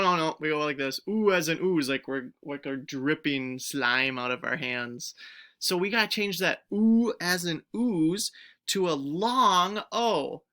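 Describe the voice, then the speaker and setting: A woman teacher giving a recorded phonics lesson to young pupils, stretching out each word sound clearly and encouraging the children to join in. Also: low voice, a bit bright. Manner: encouraging, speaks directly to children.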